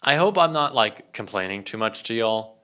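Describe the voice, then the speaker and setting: A man's voice: on the low side, animated, normal speed, bright, forceful tone, clear, resonant tone. A man delivering ranting political commentary, reading news excerpts aloud and then riffing on them in an exasperated, profane, casual way.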